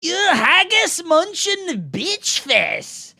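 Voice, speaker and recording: A man's voice: extremely high pitch, wildly swooping pitch, drawn-out words, vocal fry, sharp tone, pitched above the performer's own voice, full character voice. A man voicing a rude male heckler in a put-on Scottish-sounding British accent, drawling insults. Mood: mocking.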